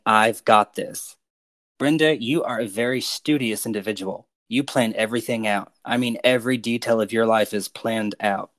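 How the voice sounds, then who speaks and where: Guy reading out prophetic words on a podcast, kinda low voice, dry close sound, slow and earnest. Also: dry recording. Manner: slow, earnest, pastoral delivery. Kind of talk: delivering prophetic words to listeners.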